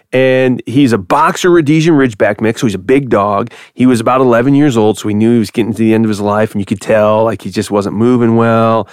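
A radio host chatting casually, telling a story with lots of laughter and acted-out quotes. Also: male voice, mid-range voice, no echo, clean studio sound. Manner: animated storyteller, laughs often, acts out quoted voices.

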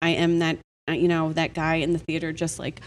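A woman on a casual podcast panel, telling stories about films in an animated, emphatic way. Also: low voice, a little fast.

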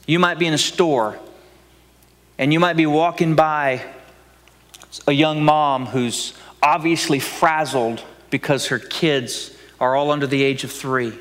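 A man's voice: on the high side, unhurried, long reverb tail. A man preaching a sermon with dramatic delivery, acting out voices and dropping to whispers for emphasis. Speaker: pastor.

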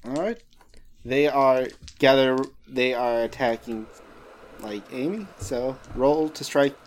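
A man's voice: mid-range voice, takes it slowly. Man running a tabletop game. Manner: casual, reacts with loud exclamations. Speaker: game master.

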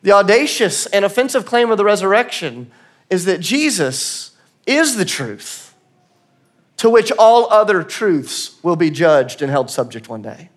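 A pastor with a high, sing-song voice and measured pace preaches in a church auditorium. His sermon is conversational and earnest, and now and then he laughs at himself.

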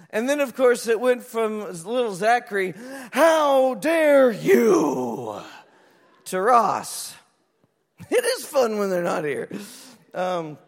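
A man preaching a sermon as pastor, telling stories in an animated way and acting out voices. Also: high-pitched. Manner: animated storytelling, acts out voices. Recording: reverberant hall.

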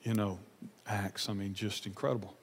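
A man preaching a sermon as a pastor, earnest and emotional, repeating phrases and swinging from loud emphasis to soft confession. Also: lowish voice, little pitch movement, normal speed, long reverb tail, a little hiss or hum.

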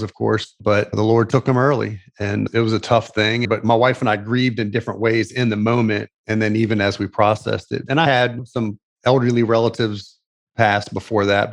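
A middle-aged man speaks as an interview guest, earnest and reflective, sometimes restarting his sentences. His voice sits a little low. He tells his story gently and without hurry. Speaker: interview guest, animation producer and author.

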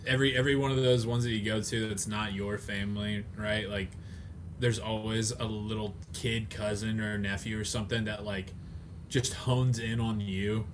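A man's voice: lowish voice, flat delivery, moderate pace, a little hiss or hum. A man co-hosting a podcast, chatting casually and joking, with silly voices thrown in for people in his stories. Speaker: podcast co-host. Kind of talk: casual comedic chat.

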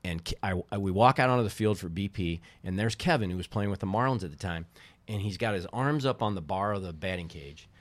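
Man, middle-aged, very deep voice, dry recording, casual rambling storyteller. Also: expressive, fast talker, dry recording. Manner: rambling, self-interrupting storyteller. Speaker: podcast guest, former baseball team co-owner.

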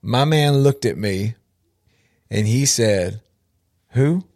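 A man's voice: on the low side, slow, creaky, a little mellow, no echo, studio quality. A man, an outreach minister telling a story with emphatic repetition and direct appeals to listeners. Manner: emphatic, repeats for effect, addresses listeners directly. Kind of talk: storytelling testimony.

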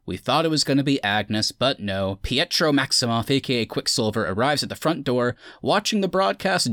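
A man's voice: medium pitch, fairly bright tone, dry recording. Man hosting a casual podcast, dry sound. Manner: recaps plot then chats loosely with friends. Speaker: podcast host.

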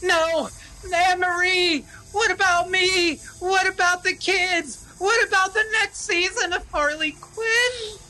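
A man's voice: high voice, sing-song, normal speed, pushed and bright, heavily acted. A man playing a fussy, defensive writer in a comedic audio play. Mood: panicked. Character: fussy nerdy male writer.

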